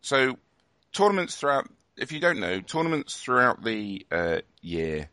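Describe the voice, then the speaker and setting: A man's voice: mid-range voice, very animated, unhurried, bright, forceful tone, dry recording. A man hosting a casual podcast, rambling along with plenty of fillers and restarts. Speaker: podcast host.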